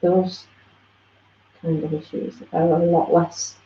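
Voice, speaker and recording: A woman's voice: lowish voice, flat delivery, takes it slowly, mellow. A woman attending a satsang, hesitantly sharing her experience with the teacher. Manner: hesitant, searching for words. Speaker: satsang participant. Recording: roomy dull audio with faint noise.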